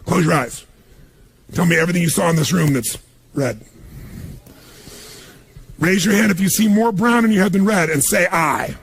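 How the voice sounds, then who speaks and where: A man giving a motivational seminar talk on stage, energetic and punchy, firing questions at a live audience. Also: high-pitched, normal speed, gravelly, pauses often, slight background noise. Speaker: motivational speaker.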